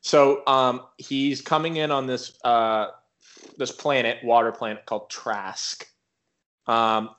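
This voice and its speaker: A man co-hosting a casual podcast, recapping an episode in a rambling, animated way with lots of filler words. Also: medium pitch, slow. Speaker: podcast co-host.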